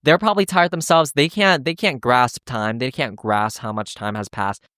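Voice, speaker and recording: Swearing freely and acting out everyone's quotes, an animated podcast host tells a hiking story during casual chat. His voice is medium-pitched at a normal speed, captured in clean, echo-free studio sound.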